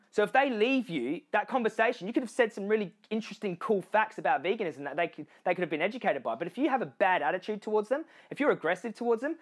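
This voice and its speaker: A high-voiced man with an Australian accent gives a motivational speech to a crowd. He speaks straight to the listeners, checking in often with "okay?" and "you know", and acts out other people's lines in altered voices.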